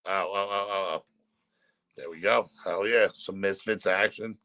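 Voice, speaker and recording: A middle-aged man hosts a loose, casual chat and rambles from one story to the next. His voice sits a little low and sounds sharp and forceful. It is recorded dry and close, with no room around it. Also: fairly even intonation, unhurried, dry recording. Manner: laid-back, rambling, says "man" and "dude" a lot. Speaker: show host.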